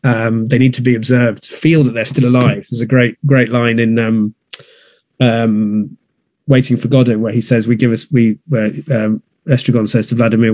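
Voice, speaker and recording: Man, theatre producer, conversational, halting restarts, dry sound. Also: mid-range voice, level tone, darkish tone, no room sound. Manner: thoughtful, many restarts and fillers. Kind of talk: conversational interview. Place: north of England.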